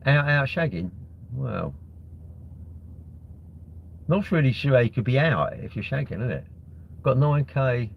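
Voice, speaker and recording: A man's voice: mid-range voice, very animated, measured pace, creaky, long pauses, dull audio, a little hiss or hum. A young man hosting a casual livestream, reading out comments and bantering with sarcastic, rambling jokes. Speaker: livestream host.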